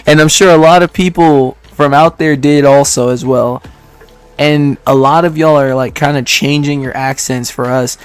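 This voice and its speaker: A man's voice: a little high, fairly even intonation, moderate pace, clear, resonant tone, dry recording, faint music behind. A man in his twenties from Detroit, chatting casually with stream viewers in a rambling way, laughing often and filling with "like". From Detroit, United States. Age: 20s.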